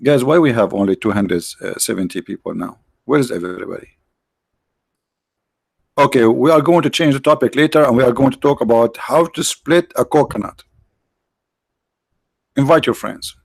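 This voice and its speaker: A man's voice: medium pitch, normal speed, vocal fry, long pauses, breathy edge, dry recording. A man hosting a livestream, giving mocking, sarcastic religious debate commentary in broken English. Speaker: livestream host.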